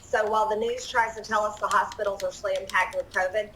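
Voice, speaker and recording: A woman's voice: medium pitch, steady tone, fairly quick, a bit bright, poor audio. A woman speaking earnestly in a played-back clip, with faint noise behind. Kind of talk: earnest opinion statement.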